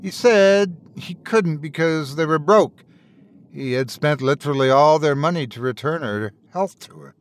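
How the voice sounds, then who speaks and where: A man narrating a dark fairy tale in an expressive, dramatic storytelling manner. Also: on the high side, a little slow. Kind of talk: scripted horror story narration.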